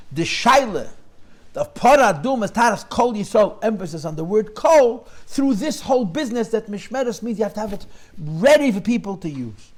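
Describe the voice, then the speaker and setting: High-voiced man teaching a Torah class. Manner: mixes English with Yiddish and Hebrew terms, questioning.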